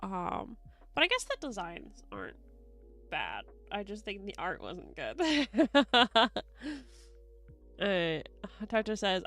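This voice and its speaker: A woman's voice: mid-range voice, huge pitch swings, takes it slowly, long pauses, fairly bright tone, no room sound. A young woman streamer chatting casually with viewers, giggly and effusive, swearing freely. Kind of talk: casual live-stream chat reading viewer messages. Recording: faint music behind.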